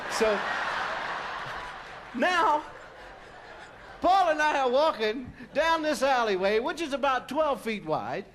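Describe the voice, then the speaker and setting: A man from Philadelphia telling a long comic story on stage, in a chatty, animated way full of "you know" and "man". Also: very high voice, slight background noise. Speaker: comedian. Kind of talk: stand-up storytelling.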